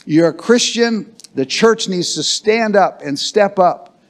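Man, pastor, sermon, emphatic call-and-response preaching, slightly high voice, church. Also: animated, slow pace. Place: church sanctuary.

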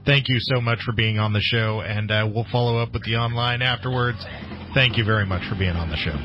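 A man hosting a radio talk show, thanking a guest and wrapping up in a friendly, brisk way. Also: on the low side, fairly even intonation, dull audio, noisy background.

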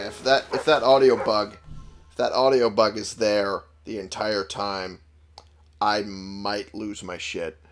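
A man casually commenting on a game he is playing, goofy and joking, swearing freely. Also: lowish voice. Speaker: let's play gamer.

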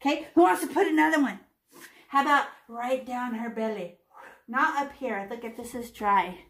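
A woman with a fairly high voice leads young children through a painting lesson. She keeps it chatty and playful and breaks into little sound effects and silly voices as she demonstrates. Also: normal speed. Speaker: art teacher.

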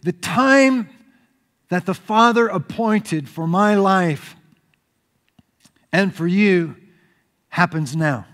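A man preaching a sermon as pastor, telling the story in an animated way. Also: high voice, very slow, long pauses. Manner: animated storytelling preacher, acts out crowd shouts. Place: church sanctuary. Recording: reverberant church hall.

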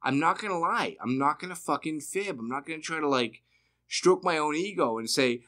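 A man's voice: a little high, expressive, normal speed, a bit bright. A man from Massachusetts hosting a casual podcast chat, blunt and profane, firing off rhetorical questions. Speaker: podcast host.

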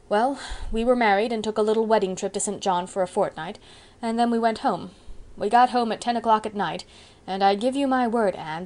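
A woman's voice: mid-range voice, darkish tone, natural voice. Lady reading as a grumbly old farmer guy, rueful and folksy, audiobook. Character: older male farmer, grumbling and sheepish.

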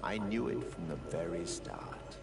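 An actor playing a courtly, sinister male knight who recruits followers, in a slow, silky and ingratiating voice. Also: low-pitched, expressive, creaky, darkish tone, heavily acted. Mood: silky, persuasive. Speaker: game character. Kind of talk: video game voice acting. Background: game music.

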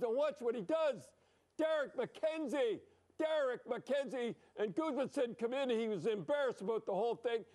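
An older man giving blunt, emphatic, rambling hockey commentary over replays, dropping frequent "eh?". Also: high voice.

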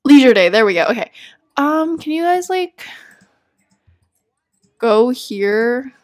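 A woman's voice: on the high side, lively intonation, slow. A young woman giving casual gameplay commentary, chatty and easily exasperated, laughing often. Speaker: let's play gamer.

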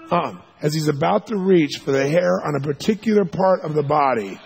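Gravelly, husky man telling a story. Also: fairly high pitch, fairly quick. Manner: animated, acts out quotes with sudden loud shouts. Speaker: seminar speaker. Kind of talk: storytelling lecture.

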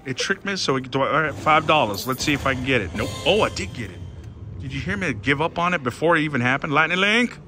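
A man commenting excitedly on his own slot machine play, talking to his viewers and swinging between hushed worry and loud outbursts. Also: on the high side, fast, over music.

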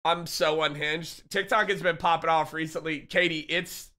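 A young man live-streaming, chatting casually and excitedly with his viewers and reading their messages aloud. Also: on the high side, moderate pace. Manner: hyped, laughing, reads chat aloud.

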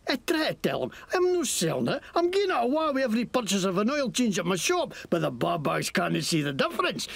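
A gravelly Scottish crook. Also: male voice, high-pitched, fairly bright tone, no room sound, full character voice. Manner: swearing, ranting against the law. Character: scruffy male Scottish shopkeeper crook, foul-mouthed, resentful.

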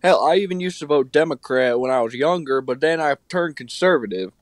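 A man speaks through a phone on speaker. He answers in short, blunt statements with a slightly raised pitch. The sound is dry and close. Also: expressive, a little fast, no room sound. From Mississippi, US. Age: 30s. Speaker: interview guest. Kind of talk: phone call conversation.

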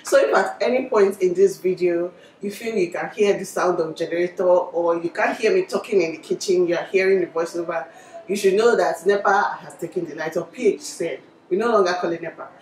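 A woman's voice: on the low side, darkish tone, far from the mic, a little hiss or hum. Chatty Nigerian woman in an echoey kitchen. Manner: chatty, laughing easily. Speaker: cooking vlogger. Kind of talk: casual vlog chat. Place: home kitchen.

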